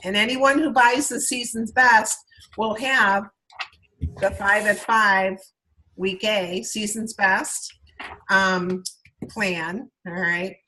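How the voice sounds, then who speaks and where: A woman's voice: medium pitch, fairly even intonation, slow pace, pushed and bright, poor audio. A woman talking through a video call as a sales consultant training her directors. She is chatty, repeats herself and keeps checking in with "okay?" and "all right?".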